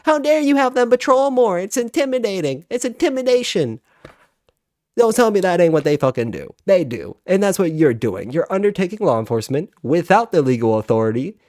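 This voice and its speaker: A man's voice: sits high, sing-song, moderate pace, a little mellow, no room sound, studio quality. Heated, swearing young man ranting. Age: 20s. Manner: profane, heated, exasperated. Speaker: reaction video host. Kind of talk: ranting reaction commentary.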